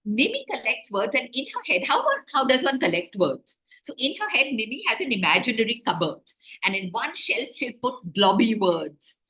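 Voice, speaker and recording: Animated woman telling a story to children. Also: on the high side, normal speed, few pauses. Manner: animated, asks the children questions. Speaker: children's author. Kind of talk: storytelling to children on a video call. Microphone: video call.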